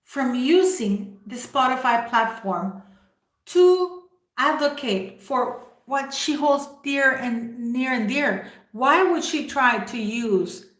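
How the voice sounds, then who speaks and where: A woman livestreaming addresses her viewers with forceful opinions, throwing out one rhetorical question after another. She speaks slowly in a high, expressive, fairly bright voice, and the room echoes.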